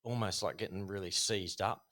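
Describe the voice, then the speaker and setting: A middle-aged Australian man, a podcast guest, telling stories in a rambling, animated way with many fillers. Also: low voice, fairly quick. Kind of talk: casual storytelling.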